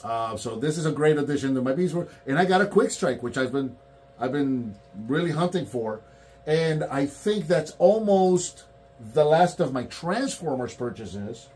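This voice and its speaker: A man's voice: a little high, moderate pace. A man in casual chat about toy collecting, telling stories and acting out quotes. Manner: animated storyteller, acts out quotes.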